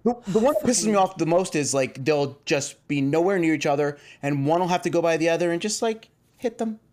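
A woman's voice: deep voice, fairly quick. A woman chatting casually as a podcast co-host, telling exasperated stories about her kids. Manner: animated storytelling, exasperated parent. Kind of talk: casual chat.

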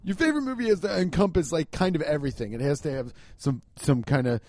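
A man's voice: a little high, fast talker, dry recording, studio quality. A man hosting a podcast, riffing in a comedic rant, swearing often and laughing as he talks. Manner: profane, laughing, animated riffing. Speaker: podcast host.

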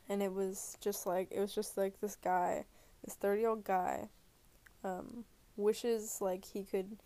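A woman chats about films alone in her bedroom, lying down as she talks. Her voice has a gravelly, creaky edge, and her thoughts wander through fillers and restarts. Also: mid-range voice, mellow. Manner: rambling, full of fillers and restarts. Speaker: movie reviewer. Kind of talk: rambling casual chat.

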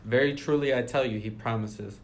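A man's voice: mid-range voice, fairly quick, a little hiss or hum. Man reading and explaining scripture. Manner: reads scripture aloud then explains it conversationally. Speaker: Bible study leader. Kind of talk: casual Bible study discussion.

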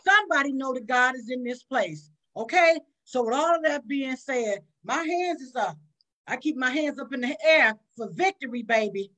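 A woman's voice: high-pitched, expressive, normal speed, a bit bright, rough recording. A woman giving a fervent, preacher-style testimony as a contributing author and calling out to her audience.

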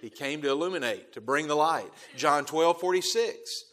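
A man preaching a sermon as pastor, emphatic, repeating key phrases and swelling loud on key words before dropping to quiet asides. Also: fairly high pitch, expressive, normal speed, hardly any pauses. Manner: emphatic, repeats key phrases, quotes scripture in King James wording.

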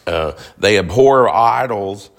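A man's voice: fairly low pitch, animated, takes it slowly. A man preaching a sermon, emphatic, firing rhetorical questions at the congregation.

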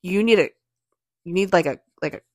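A woman's voice: on the low side, fairly quick, no echo. A young woman co-hosting a podcast, chatting casually, laughing often and telling stories with lots of swearing. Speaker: podcast co-host. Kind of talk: casual chat.

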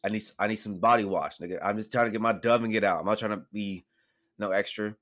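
Fast-talking, low-voiced man telling a story. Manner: animated storytelling, swears freely. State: getting over a cold. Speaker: podcast co-host. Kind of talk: casual chat.

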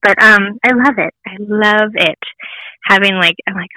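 A woman's voice: medium pitch, normal speed, pushed and bright, no echo, poor audio. A woman in her thirties, a guest sharing a candid personal story, laughing often and acting out voices in her quotes. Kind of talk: personal testimony interview.

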